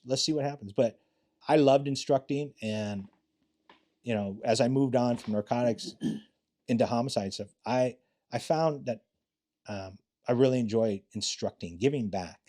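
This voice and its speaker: A man's voice: mid-range voice, mellow. A middle-aged man, a retired detective, telling stories bluntly and with profanity in a casual interview. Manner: blunt and profane, acts out quotes in other voices. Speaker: retired homicide detective, podcast guest.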